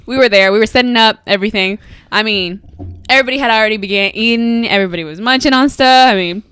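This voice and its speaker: A woman co-hosting a podcast, telling a story in casual chat with animated delivery and frequent laughter. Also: fairly high pitch, quick pace, clear, resonant tone. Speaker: podcast co-host.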